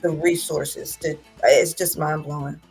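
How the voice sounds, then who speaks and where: A woman with a slightly low voice talks openly and with feeling, as a proud mother in a casual conversation. She gets animated and laughs easily. Soft music plays faintly underneath. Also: unhurried, creaky, husky. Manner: emotional, animated, laughs often. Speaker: guest, mother of a young athlete. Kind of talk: casual heartfelt chat.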